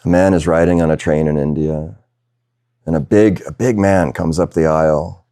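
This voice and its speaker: A man giving a satsang talk as a spiritual teacher, speaking slowly and reflectively with pauses and soft laughs. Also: extremely low pitch, fairly even intonation, no echo, studio quality. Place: video call session.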